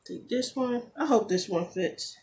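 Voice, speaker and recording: A woman's voice: on the high side, darkish tone, slight background noise. Chatty woman vlogger filming a nail tutorial. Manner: chatty, quick to get exasperated, jokey asides. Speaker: beauty vlogger. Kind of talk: casual tutorial chat. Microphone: camera phone.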